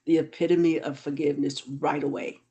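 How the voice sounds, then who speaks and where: A woman hosting a casual chat, telling stories in an animated way, her voice jumping up when she gets excited. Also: low voice, fairly quick, lo-fi sound. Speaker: host.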